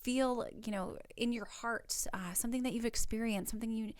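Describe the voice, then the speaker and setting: A woman's voice: on the high side, brisk, no echo, clean studio sound. A woman acting coach giving spoken tips for a workshop in an encouraging, conversational way, with fillers.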